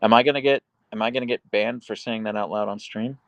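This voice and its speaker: A man's voice: fairly even intonation, fast, creaky, no room sound, dull audio. A man live streaming from home, casually chatting and reading viewer comments aloud, and talking to his dogs. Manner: reads chat aloud, chatty and meandering; baby talk to his dogs in high pitch. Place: home in Seattle.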